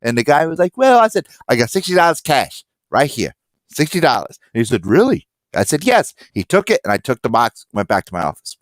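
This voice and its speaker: Man, medium pitch, chatty and animated. He acts out quoted voices, recorded dry and close. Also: fast, no echo. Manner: animated storyteller acting out quoted people. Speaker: podcast co-host and comic collector. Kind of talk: casual chat.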